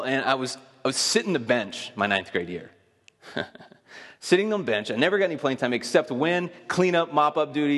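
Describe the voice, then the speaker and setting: A man preaching a sermon to a congregation, telling stories with lively acted-out quotes and frequent laughs. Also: medium pitch. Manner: animated storytelling, acts out quotes, laughs often. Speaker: pastor. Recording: preached in a reverberant hall.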